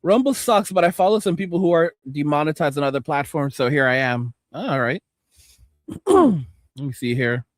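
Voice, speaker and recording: On a dry recording, a male livestream host with a voice on the high side speaks in a sing-song way at a moderate pace. His rant is profane and rambling, full of stammered restarts, and he talks directly to viewers while reading chat comments.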